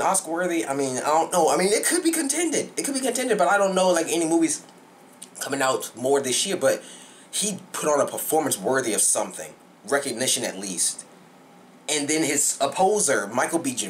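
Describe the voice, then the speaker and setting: A young man, giving an excited, rambling movie review that repeats itself. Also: medium pitch, moderate pace, a little hiss or hum. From Southern United States.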